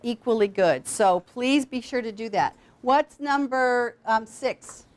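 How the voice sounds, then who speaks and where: A woman teaching a class of students how to read aloud to young children, with an animated, coaxing teacher's voice. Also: fairly high pitch, takes it slowly. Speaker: literacy program founder teaching students.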